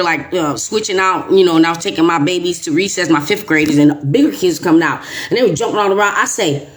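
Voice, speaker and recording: A woman, the host and a teacher, chatting casually with a guest as an animated, emphatic storyteller. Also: on the low side.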